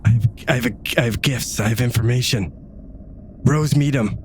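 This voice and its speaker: A man's voice: medium pitch, moderate pace, a little hiss or hum, lightly acted. A man voicing a cowering male serpent person who pleads and stammers for his life. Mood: pleading.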